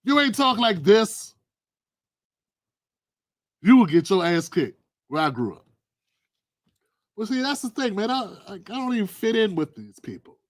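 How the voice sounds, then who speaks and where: A man's voice: high-pitched, very animated, a little slow, long pauses, dry recording, clean studio sound. A middle-aged man hosting a livestream, ranting through political commentary in a blunt, aggressive and profane way. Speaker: livestream host.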